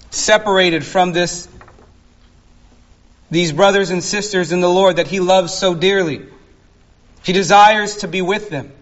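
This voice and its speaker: A man preaching an expository sermon as pastor, slow and earnest, dwelling on single words. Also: high-pitched, fairly bright tone, dull audio.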